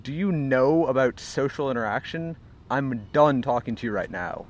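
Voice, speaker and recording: A man's voice: medium pitch, normal speed, close to an everyday voice. A man reenacting an angry male comedy show host who swears bluntly and dismisses the other person. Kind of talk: reenacted argument.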